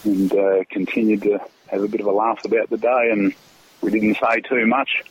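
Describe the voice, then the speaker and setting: A man's voice: on the low side, little pitch movement, normal speed, husky, low-quality recording. A middle-aged Australian man, a former footballer, casually telling a rambling story full of fillers and restarts. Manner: rambling, laughs often, many fillers and restarts.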